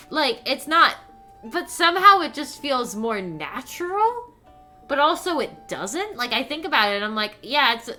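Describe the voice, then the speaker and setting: Bright-voiced woman ranting on stream. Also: fairly high pitch. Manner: animated, profane ranting with lots of "like". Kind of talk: ranting live-stream commentary.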